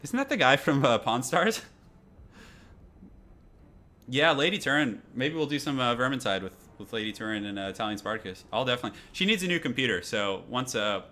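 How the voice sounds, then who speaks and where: A young man casually chatting through a live gaming stream, reading out viewer messages in a relaxed, rambling way at a desk microphone. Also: medium pitch, brisk. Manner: relaxed, chatty, reads chat aloud.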